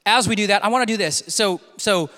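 A young man preaching from the stage, his voice high and bright. He tells stories in an animated way, acting out quotes with sudden leaps in pitch. A long reverb from the church hall rings behind every line. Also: fairly quick. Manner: animated, acts out quotes with big pitch jumps. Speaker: youth pastor. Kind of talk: sermon storytelling. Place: church sanctuary.

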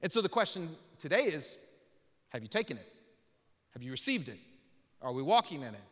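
A male pastor with a bright, ringing voice delivers a conversational sermon, tossing in slang and jokes before pressing his points with rising intensity. His words trail off into the long reverb of a large church hall, and his pitch sits noticeably high for a man. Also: very animated, fairly quick, long pauses. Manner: joking, slangy, builds to emphatic preaching. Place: church sanctuary.

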